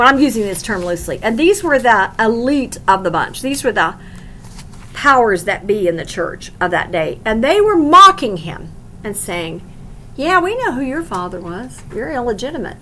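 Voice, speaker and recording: A woman's voice: a little high, sing-song, normal speed, pushed and bright, slight background noise, poor audio. A woman teaching a sermon on scripture, emphatic and conversational, asking the listeners questions. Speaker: Bible teacher.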